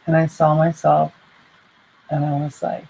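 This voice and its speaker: A woman's voice: deep voice, completely flat delivery, unhurried, creaky, warm tone, husky, rough recording. A woman vlogger telling a personal story in a heartfelt, rambling way, full of fillers and restarts.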